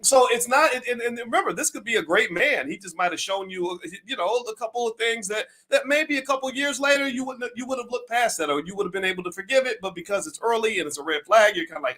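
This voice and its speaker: A man giving an emphatic, preachy talk on finance, firing rhetorical questions and rising to near-shouts. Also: extremely high pitch, lively intonation, fairly quick, hardly any pauses. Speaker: finance commentator.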